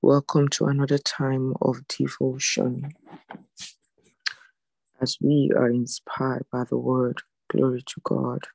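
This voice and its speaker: A woman's voice: very deep voice, completely flat delivery, slow pace, vocal fry, a little mellow, dry recording, poor audio. A woman moderating an online church devotion meeting over a video call, formal and addressing everyone as esteemed.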